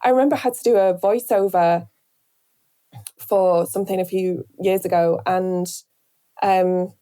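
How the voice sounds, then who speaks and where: Northern English woman, mellow, thoughtful. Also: fairly low pitch, steady tone, a little slow, clean tone. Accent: Northern English, softened. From Northern England. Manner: thoughtful, hesitant, many fillers and restarts. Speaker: radio presenter, guest. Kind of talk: reflective conversational interview.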